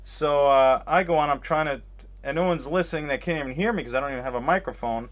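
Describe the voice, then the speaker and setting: A man who works as a comedian tells a story in an animated, rambling way and laughs at himself. His voice sits a little high for a man. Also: fast. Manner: animated, rambling, self-mocking. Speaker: comedian guest. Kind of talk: casual storytelling. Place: on a boat in a harbor.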